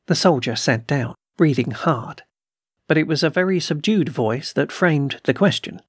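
A man narrating an old-fashioned tale as an audiobook, in a measured storytelling manner. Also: a little high, expressive, slightly rough, no echo, clean studio sound. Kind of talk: scripted narration.

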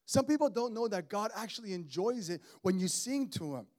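A male pastor in his thirties delivers a sermon with a fairly high-pitched voice. He preaches in an animated, conversational manner and calls out to his congregation. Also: fairly quick.

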